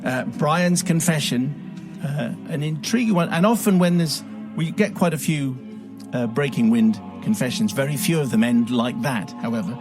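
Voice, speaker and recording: A man's voice: mid-range voice, animated, moderate pace, music in the background. A man hosting a radio show, reading a listener's letter aloud with wry, dramatic storytelling. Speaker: radio host.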